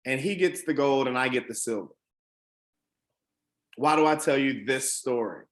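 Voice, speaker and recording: A man's voice: medium pitch, normal speed. A man from the Washington DC area telling a personal motivational story, earnest and emphatic, with frequent ums and restarts. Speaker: motivational speaker.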